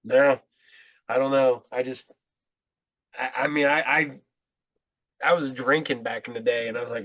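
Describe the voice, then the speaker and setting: A man's voice: mid-range voice, fairly even intonation, moderate pace, long pauses, a bit bright, no echo. A man guesting on a podcast, telling stories in a laid-back, rambling way and laughing often. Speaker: podcast guest, mask maker. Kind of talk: casual chat. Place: podcast studio.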